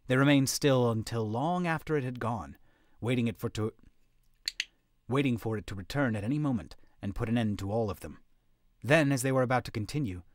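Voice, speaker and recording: A man's voice: medium pitch, no room sound, studio quality. A man reading a fantasy story aloud on a live stream, narrating steadily. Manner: steady narration with occasional slips.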